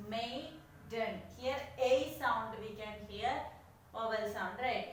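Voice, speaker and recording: A woman teacher giving a lesson, slowly repeating each word as she counts syllables. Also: a little high, distant mic. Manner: slow, repeats each word many times. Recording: echoey room, voice from afar, faint noise.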